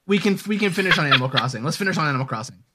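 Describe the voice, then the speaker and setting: A podcast host chats casually and rambles, then finishes with a cheerful sign-off he reads out. His voice is a little high and animated, he talks very fast, and there's background noise.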